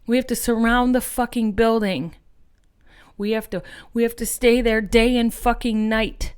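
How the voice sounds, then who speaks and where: A woman's voice: fairly high pitch, steady tone, unhurried, darkish tone, clear, resonant tone. Fiery, profane woman ranting. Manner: angry, profane, rallying; addresses listeners as friends. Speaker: activist podcast host. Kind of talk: impassioned political monologue.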